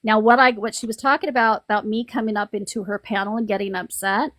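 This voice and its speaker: A woman's voice: medium pitch, fairly even intonation, quick pace, a bit bright, dry recording. A woman hosting a livestream, venting in a rambling, frustrated way with many restarts. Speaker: livestream host. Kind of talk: casual live-stream venting.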